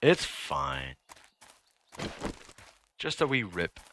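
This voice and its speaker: A man streaming a survival game live, commenting excitably, swearing often and yelping when startled. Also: medium pitch, drawn-out words, creaky, background noise.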